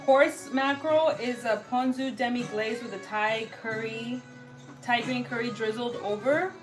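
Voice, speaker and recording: A woman from San Diego, California, USA, co-hosts a casual cooking livestream from her home kitchen, chatting in slang and reading viewer comments aloud. Her voice is on the high side and unhurried, with background music and rough-sounding audio.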